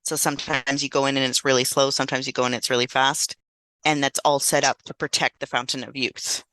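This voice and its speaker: A woman's voice: extremely low pitch, flat delivery, fast talker, fairly bright tone, no echo. A woman co-hosting a podcast, casually recapping a film plot with lots of fillers. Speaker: podcast co-host. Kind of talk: casual movie review chat.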